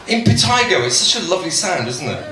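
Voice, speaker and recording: A man's voice: a little high, very animated, fast talker, a little hiss or hum. A man performing a silly comic song with banter, belting the chorus playfully. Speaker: musical comedian. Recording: distant mic, roomy echo, loud guitar.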